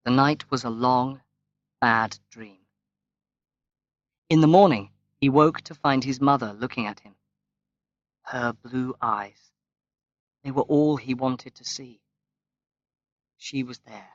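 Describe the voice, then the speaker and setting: A man reading a novel aloud as an audiobook narrator, in a slow, measured way. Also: medium pitch, no room sound. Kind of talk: scripted narration. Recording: dull, lo-fi, dry recording.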